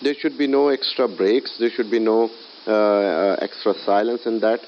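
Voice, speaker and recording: A man teaching English in a recorded lecture, often pausing with filler sounds as he explains. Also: on the low side, steady tone. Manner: hesitant, many filler sounds. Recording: dull lo-fi audio with faint hiss.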